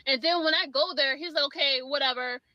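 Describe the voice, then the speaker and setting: A woman's voice: high-pitched, fairly even intonation, pushed and bright, no room sound, muffled recording. A young woman telling an exasperated storytime rant about a bad salon visit, casual and full of fillers. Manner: exasperated, quick with many fillers. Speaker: storyteller in a clip.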